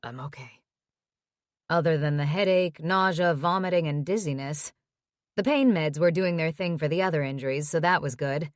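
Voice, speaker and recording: A woman's voice: sits low, normal speed, no room sound, clean studio sound, pitched below the performer's own voice, natural voice. Woman voicing a hurt young firefighter. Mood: weak, wry. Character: young adult male firefighter, injured in hospital, wry.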